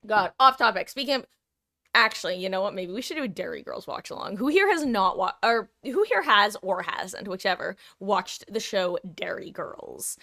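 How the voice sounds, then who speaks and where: A woman's voice: mid-range voice, lively intonation, normal speed, creaky, sharp tone. A woman streaming live, chatting casually with her viewers in a rambling, self-interrupting way and laughing often.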